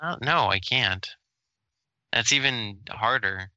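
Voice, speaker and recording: A man's voice: medium pitch, lively intonation, takes it slowly, sharp tone, dry recording, lo-fi sound. A man who moved to the country as an adult, co-hosting a casual podcast in a laid-back, hesitant way. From abroad, moved to the US. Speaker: podcast co-host. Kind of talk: casual chat.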